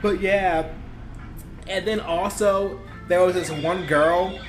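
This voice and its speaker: A man's voice: high-pitched, fairly even intonation, a little slow. A young man and gaming YouTuber telling stories casually, rambling and laughing at his own tales, with faint music behind him. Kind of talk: casual storytelling while playing.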